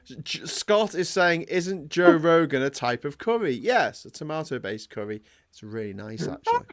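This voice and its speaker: A man's voice: fairly high pitch, big pitch swings, normal speed. A man hosting a casual talk show, blunt and sweary, reading out viewer comments and ranting. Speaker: podcast host. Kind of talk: casual chat.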